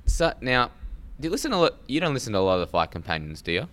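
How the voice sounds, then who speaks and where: A man's voice: mid-range voice, very animated, very fast, fairly bright tone. Laid-back, swearing podcast guest man. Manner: swears a lot, laughs, rambling. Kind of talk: casual podcast chat. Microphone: studio mic with headphones.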